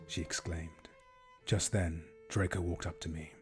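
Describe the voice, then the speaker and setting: Guy reading a fanfic out loud, deadpan, really deep voice, faint music under it. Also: measured pace. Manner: deadpan, with groaning asides. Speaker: streamer reading a fanfic aloud. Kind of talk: mocking dramatic reading.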